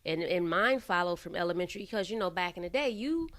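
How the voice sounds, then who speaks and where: A woman's voice: on the low side, lively intonation, fast, fairly bright tone. A middle-aged woman co-hosting a casual radio talk show, speaking in a chatty, candid way. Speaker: co-host. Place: radio studio.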